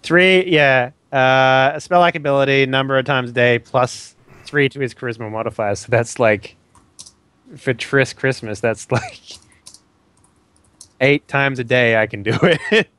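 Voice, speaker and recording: A man's voice: mid-range voice, a little slow, fairly bright tone, clean tone, no echo. Rambling man chatting in a tabletop game. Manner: rambling, hesitant, lots of fillers. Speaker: player. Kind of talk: casual tabletop game chat.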